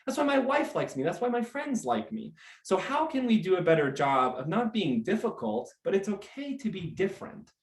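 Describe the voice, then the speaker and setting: An American man hosting a motivational live talk, energetic and animated, acting out little scenes as he speaks. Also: high-pitched, normal speed, hardly any pauses, reverberant. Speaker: host.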